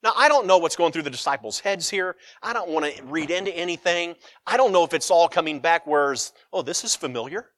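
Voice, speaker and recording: A man's voice: on the high side, a little fast, hardly any pauses, no room sound, studio quality. A man preaching a sermon, reading scripture aloud and retelling it with humor, acting out the quotes. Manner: animated storytelling, acts out quotes, finds scripture funny.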